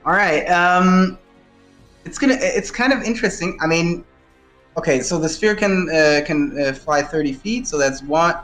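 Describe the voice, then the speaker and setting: A man's voice: a little high, moderate pace, a bit bright, soft background music. A man playing a tabletop game, thinking aloud and counting out moves. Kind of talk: casual game talk. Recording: echoey room.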